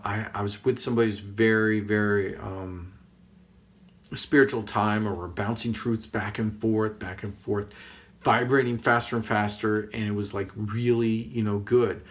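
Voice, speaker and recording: A man talking casually as a spiritual teacher, excitable and rambling, laughing often and using many fillers. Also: lowish voice. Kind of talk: casual monologue to camera.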